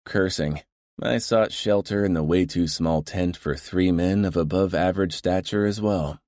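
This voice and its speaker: A man narrating a novel in the first person with a steady, understated delivery. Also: deep voice, normal speed, no room sound, clean studio sound. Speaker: audiobook narrator.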